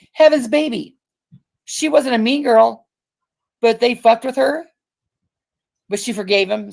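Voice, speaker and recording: A woman's voice: medium pitch, creaky, darkish tone. A woman hosting a livestream, talking in a blunt, profane and rambling way. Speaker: livestream host. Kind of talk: casual ranting livestream chat.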